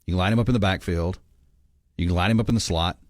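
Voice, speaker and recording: A man's voice: deep voice, quick pace, no room sound, clean studio sound. A man hosting a sports talk radio show, giving his picks and reading listener texts in an opinionated, chatty way. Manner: opinionated, reads texts and calls aloud.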